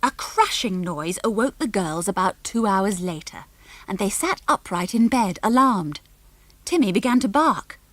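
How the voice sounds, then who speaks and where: A woman narrating an audiobook with clear, measured storytelling into a close studio microphone. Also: mid-range voice, expressive, no room sound. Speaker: audiobook reader. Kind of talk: scripted narration.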